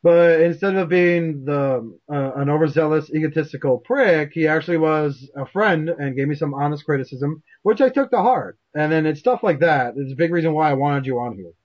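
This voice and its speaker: A man with a fairly high voice hosts a loose, casual interview chat. He talks in an animated, self-mocking way and swears freely. The audio is dull and lo-fi. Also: moderate pace, few pauses. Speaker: show host.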